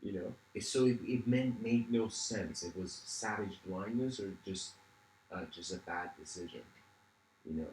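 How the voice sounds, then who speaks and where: A man's voice: fairly low pitch, a little slow, a little mellow, reverberant, a little hiss or hum, rough recording. A man giving a reflective livestreamed lecture. He meanders, restarts often and says "you know" a lot.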